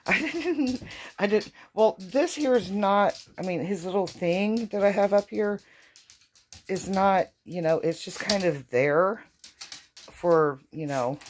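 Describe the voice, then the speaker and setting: A woman's voice: lowish voice, slight background noise. A woman chatting casually at home into her phone camera, rambling and hesitant with many fillers and restarts. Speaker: vlogger caring for her dogs. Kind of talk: casual home vlog chat.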